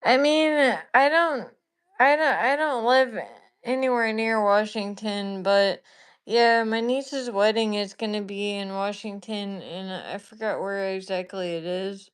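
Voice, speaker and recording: A woman's voice: mid-range voice, fairly even intonation, a little slow, clear, resonant tone. A young woman from Alabama with a light Southern accent, chatting casually on a live stream and passing along her father's remarks. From Alabama, USA. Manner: relays her father's remarks, laughs often. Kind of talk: casual chat.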